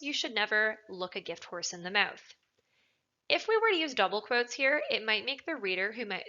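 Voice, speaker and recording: A woman talks through a writing lesson in a crisp, bright voice, stressing the words that matter. The recording is a little dull and lo-fi. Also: mid-range voice. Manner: clear, explanatory, leans on stressed words. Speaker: writing tutor. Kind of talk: recorded lecture narration.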